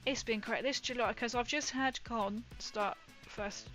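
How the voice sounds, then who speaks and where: A woman's voice: a little high, measured pace, a bit bright, faint music behind. A woman, chatting casually with viewers on her livestream, rambling and laughing often. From England. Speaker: livestream host.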